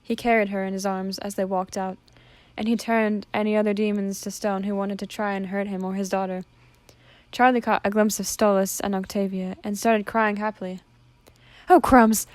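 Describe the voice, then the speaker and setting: A woman narrating a fan story in an earnest, even storytelling voice. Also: medium pitch, brisk, dry recording.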